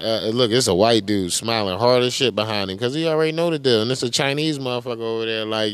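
A man's voice: fairly low pitch, brisk, hardly any pauses, clean tone, dry recording. A man hosting a podcast with casual, heated commentary, profane and mocking as he reacts to clips. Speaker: podcast host.

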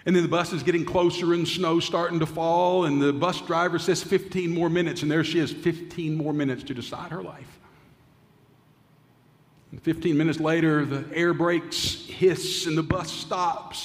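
Preacher telling a story in a hall. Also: male voice, fairly high pitch, fairly even intonation, moderate pace. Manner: dramatic storyteller, drops to hushed tones. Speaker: pastor. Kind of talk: sermon storytelling.

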